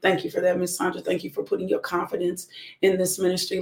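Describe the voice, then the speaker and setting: A woman's voice: fairly low pitch, completely flat delivery, fast talker, a little mellow, echoey room. A woman ministry leader, fervently hosting a morning devotional and talking straight to her viewers. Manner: fervent, preachy, calls out to viewers.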